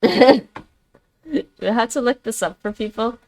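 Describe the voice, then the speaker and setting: A woman's voice: on the high side, slow pace, a little mellow. A woman whose first language is Dutch, chatting casually with her livestream viewers while she studies languages, often addressing them by name and reading text aloud. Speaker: streamer learning languages.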